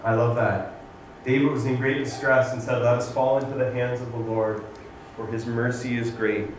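A man's voice: mid-range voice, level tone, moderate pace. A man preaching a sermon in an earnest, conversational way, building to emphatic points. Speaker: pastor. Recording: echoey room with faint noise.

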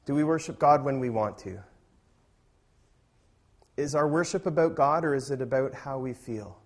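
A man with a mid-range voice preaches a sermon as a pastor, speaking conversationally. When he reads scripture aloud, he becomes loud and emphatic.

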